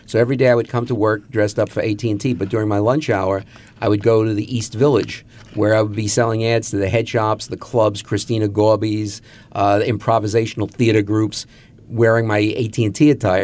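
A man's voice: lowish voice, a little mellow. A man in his seventies from Queens, a magazine publisher telling wry anecdotes in a radio interview. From Queens, New York. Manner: anecdotal, wry, acts out quotes.

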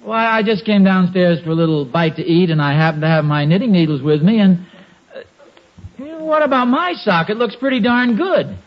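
A man's voice: high voice, lively intonation, moderate pace. A man acting a sheepish, stammering husband in a 1940s radio sitcom, muffled old recording.

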